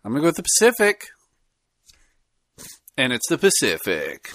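A man co-hosting a podcast in casual chat, animated and rambling, often laughing. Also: medium pitch, moderate pace. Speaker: podcast co-host.

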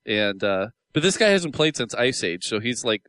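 A man's voice: medium pitch, very animated, moderate pace, fairly bright tone, dry recording. A man co-hosting a podcast in casual chat, playful and jokey. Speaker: podcast co-host.

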